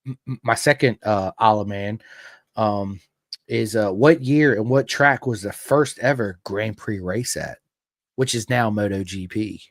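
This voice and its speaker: Man, American accent, podcast host, casual chat, animated storytelling, dry close mic. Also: lowish voice, unhurried, no room sound. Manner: animated storyteller who acts out quoted exchanges.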